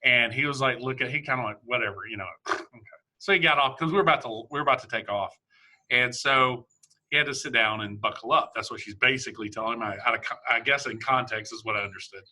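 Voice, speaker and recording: A man's voice: medium pitch, fast, pushed and bright. A man hosting a casual conversation, telling a story in a rambling way with many restarts. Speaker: podcast host.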